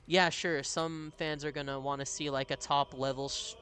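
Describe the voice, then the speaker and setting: A man's voice: on the high side, flat delivery, normal speed, bright, forceful tone, a little hiss or hum. A man streaming a video game, chatting casually, laughing often and reading viewer messages aloud. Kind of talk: casual live-stream chat over gameplay.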